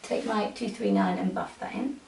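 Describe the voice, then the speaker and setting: A woman talks through a makeup tutorial, her voice a bit gravelly and soft as she coaxes her model. She sounds set back from the mic in a roomy space. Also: a little high, normal speed, slight background noise. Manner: soft-spoken, coaxing instructions to a model. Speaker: makeup artist. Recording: roomy, from a distance.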